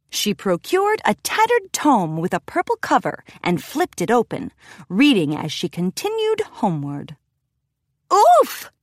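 A woman reading a children's audiobook aloud in a lively, expressive storytelling manner, recorded close in a studio. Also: on the high side, dry recording. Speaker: audiobook narrator. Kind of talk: scripted children's audiobook narration. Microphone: close studio mic, dry.

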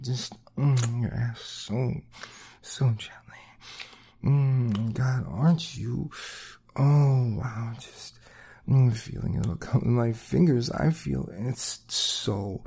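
Man, whispered role-play, dominant teasing murmur, husky, slow. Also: mid-range voice. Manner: dominant, teasing, murmured with moans and soft laughs. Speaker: audio role-play performer.

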